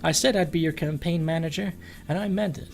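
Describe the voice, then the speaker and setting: Eager woman campaign manager, a man reading her, blunt, a little high. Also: fairly quick, gravelly, darkish tone. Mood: determined.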